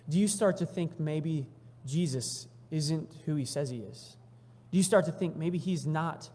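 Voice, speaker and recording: Man preaching, somewhat high voice, reads scripture then acts out the story casually, church hall echo. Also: a little hiss or hum. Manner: reads scripture aloud, then retells it in animated everyday voices. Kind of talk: sermon. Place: church sanctuary.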